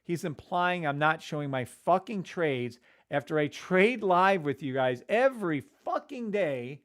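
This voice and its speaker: A man hosting a live trading stream, calling out trades to viewers and greeting them by name, excitable and profane, swinging from shouts to mutters. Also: fairly high pitch, a little slow, few pauses. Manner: addresses chat viewers by name.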